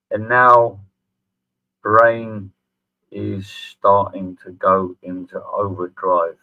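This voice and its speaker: A man's voice: on the low side, flat delivery, very slow. A middle-aged man, hosting a sarcastic response video, sneering and swearing freely. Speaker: channel host. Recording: tinny phone-like audio.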